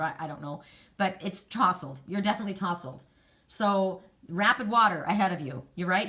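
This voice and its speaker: A woman's voice: lowish voice, sharp tone. An older woman giving a casual, rambling oracle card reading, with frequent restarts and laughter.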